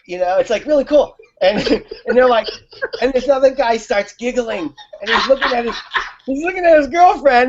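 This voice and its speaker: A man's voice: extremely high pitch, animated, moderate pace. A man guest telling stories in casual conversation, laughing often and using many fillers. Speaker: guest on a talk show. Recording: muffled lo-fi audio.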